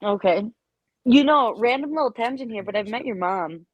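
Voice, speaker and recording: A woman's voice: fairly high pitch, animated, moderate pace, no echo, dull audio. A woman guest on a podcast who talks casually and fills her speech with "like". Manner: chatty, lots of filler 'like'. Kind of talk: casual chat.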